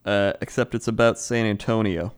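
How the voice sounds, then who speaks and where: A man's voice: lowish voice, fairly even intonation, normal speed, clean tone. A young man co-hosting a casual podcast, telling stories in a laid-back way and laughing easily. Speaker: podcast co-host. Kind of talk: casual chat, storytelling.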